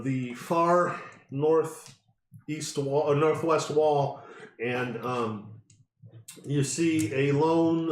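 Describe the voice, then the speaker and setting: A man narrates as game master, taking his time and stopping often for fillers. His voice sits at a middle pitch, and the recording has a roomy echo over a faint hiss. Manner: unhurried narration with many fillers.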